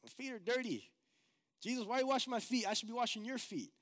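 A man's voice: expressive, a bit bright. A man voicing the apostle Peter as a flustered, protesting man in a sermon retelling. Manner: high, rushed, pleading.

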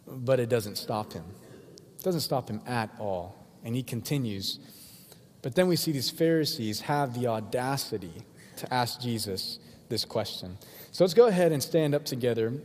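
A man's voice: medium pitch, moderate pace, a little mellow. Casual male pastor preaching in an echoing church. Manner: casual and conversational, acts out voices of the crowd. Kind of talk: sermon. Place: church sanctuary. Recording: long hall reverb.

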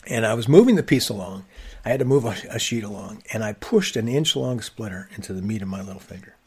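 A middle-aged man hosting a woodworking podcast, telling stories in a wry, musing way with quiet asides. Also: on the low side, expressive, fast talker, breathy edge. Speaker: podcast host. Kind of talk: reflective storytelling monologue.

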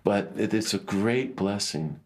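Animated, low-voiced American man telling stories. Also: a little slow. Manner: passionate, animated storytelling. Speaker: guest. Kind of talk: conversational interview.

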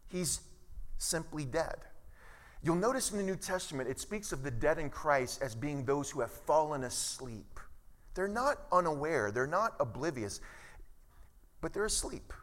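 A man's voice: on the high side, a bit bright. A man preaching a sermon as pastor, talking conversationally and asking the congregation questions. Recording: reverberant church hall.

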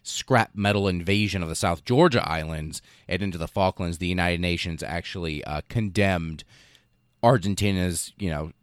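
Deep-voiced sarcastic man podcasting. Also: moderate pace, no room sound, clean studio sound. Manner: irreverent and sarcastic, swears often, acts out quotes in silly voices. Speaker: podcast host. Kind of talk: casual history podcast monologue.

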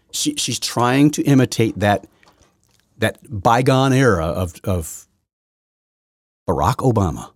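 A man hosting his own podcast from his basement, rambling through a political rant that swings from loud outbursts to low muttering, with many restarts. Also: no room sound, studio quality. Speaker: podcast host. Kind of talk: solo political commentary rant. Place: home basement.

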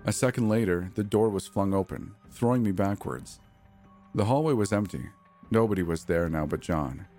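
A man narrating a first-person horror tale in a very deep, low voice. His telling is measured and tense, with faint music playing underneath. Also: mellow.

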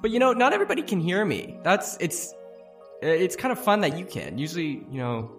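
Sly tempting beast, voiced by a man: folksy, teasing, with a lively rise and fall. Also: sits high, a little fast, soft background music, voice pushed up, exaggerated voice. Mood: coaxing. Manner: folksy, sprinkled with "jeez", playful and coaxing.

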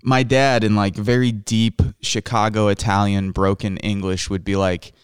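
A man's voice: fairly low pitch, flat delivery, normal speed, smooth, dry recording, clean studio sound. A man hosting an interview, talking casually and rambling a bit, with many "like" fillers. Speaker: host. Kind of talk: conversational interview.

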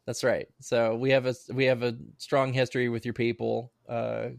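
A young man co-hosts a comedy podcast with dry, deadpan jokes and feigned innocence. His voice is medium in pitch and recorded close and dry. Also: normal speed, creaky, no echo. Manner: dry, deadpan, mock-naive. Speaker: podcast co-host. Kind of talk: casual comedy podcast chat.

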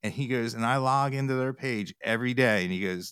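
A man's voice: mid-range voice, brisk, fairly bright tone, clear, resonant tone, no room sound, clean studio sound. A man chatting as an interview guest, rambling with restarts and retold quotes. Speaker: podcast guest, TikTok music reactor. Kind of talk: casual interview chat.

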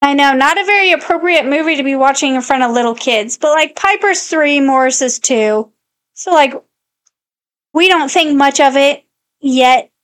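A woman's voice: high voice, moderate pace, fairly bright tone. A woman co-hosting a podcast, chatting casually and fondly about her young kids. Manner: chatty, laughs at her kids' antics. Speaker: podcast co-host. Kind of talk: casual chat.

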